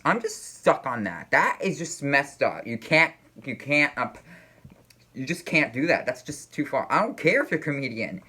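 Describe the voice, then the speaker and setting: A man's voice: medium pitch, big pitch swings, sharp tone, breathy edge. Rambling man reacting on camera. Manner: rambling, halting, full of fillers and restarts. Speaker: reaction video host. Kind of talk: casual reaction commentary.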